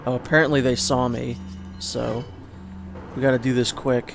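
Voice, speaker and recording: A man's voice: medium pitch, little pitch movement, normal speed, creaky, long pauses, over music. A man giving casual, rambling gameplay commentary as a let's play host, restarting sentences and swearing now and then. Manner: rambling and chatty, with frequent restarts and sudden swearing.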